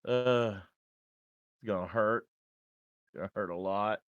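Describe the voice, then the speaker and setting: A man playing in a tabletop game, chatting casually, swearing freely and thinking out loud. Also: fairly low pitch, measured pace, dry recording, dull audio. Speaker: player.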